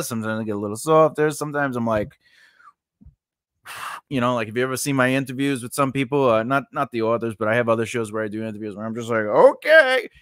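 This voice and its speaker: A man's voice: medium pitch, a bit bright, dry recording, studio quality. A man teaching writing in a casual lesson, rambling through tangents with many fillers and restarts. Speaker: writing podcast host.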